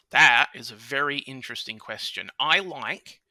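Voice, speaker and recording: An Australian man in his thirties chatting casually on a podcast, animated and quick to laugh. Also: mid-range voice, dry recording. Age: 30s. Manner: animated, laughs often, puts on voices for quoted people. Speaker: podcast host. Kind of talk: casual chat.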